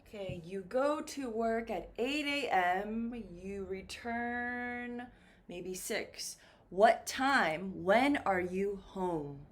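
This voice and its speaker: A woman teaching English to beginners, speaking slowly and clearly with exaggerated intonation. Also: medium pitch. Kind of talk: slow beginner ESL lesson.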